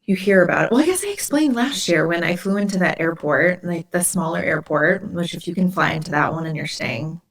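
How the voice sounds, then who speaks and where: Chatty woman podcast host, slightly low. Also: fairly quick, few pauses, fairly bright tone. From Indiana, USA. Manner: chatty, lots of "like" fillers. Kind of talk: casual storytelling chat.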